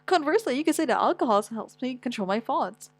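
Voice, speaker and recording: A young woman reading a manga aloud with dramatic, stammering delivery and wailing outbursts. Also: no echo. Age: young adult. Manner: animated, quick pitch swings, stammers, whiny wails. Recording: dry close mic with faint music.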